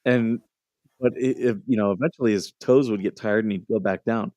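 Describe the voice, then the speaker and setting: A man's voice: lowish voice, brisk, mellow, dry recording, muffled recording. Guy on a livestream telling goofy family stories, keeps laughing, dry close sound. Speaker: livestream host. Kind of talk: casual chat and storytelling.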